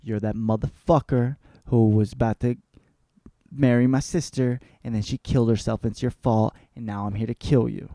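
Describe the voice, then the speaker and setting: Man doing a slacker avenger, loud, gravelly and dry. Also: mid-range voice, fairly even intonation, normal speed, no echo, close to an everyday voice. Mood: threatening. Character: vengeful young man, dim and easily fooled.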